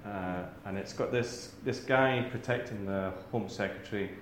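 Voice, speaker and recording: A man's voice: fairly low pitch, normal speed, echoey room, slight background noise, rough recording. A man with a Scottish accent giving a talk to a live audience in a rambling, self-deprecating way, full of restarts. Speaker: academic speaker.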